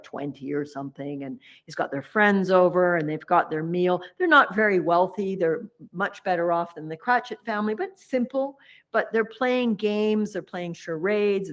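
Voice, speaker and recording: Her voice fairly low, a woman meditation teacher offers a playful dharma talk, animatedly recounting a story and slipping into the characters' roles for humor.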